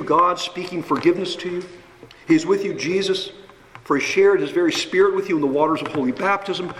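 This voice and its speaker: Male pastor, sermon delivery, slightly high-pitched, emphatic refrains, long church reverb. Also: slight background noise. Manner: emphatic preaching with rhetorical questions and repeated refrains. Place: church sanctuary.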